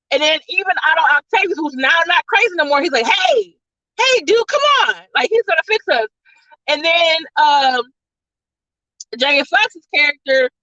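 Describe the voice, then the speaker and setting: High bright-voiced woman reviewing a movie. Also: no echo, muffled recording. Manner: rambling, full of "like" and "all of a sudden". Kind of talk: casual spoiler-filled plot recap.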